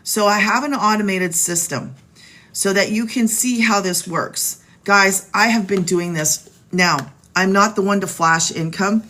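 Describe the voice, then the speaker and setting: A middle-aged woman with a medium-pitched, pushed, bright voice speaks at a measured pace, recorded on a phone. She casually hosts a live stream from home selling online business programs, chatty and upbeat, talking straight to viewers and reading out their names.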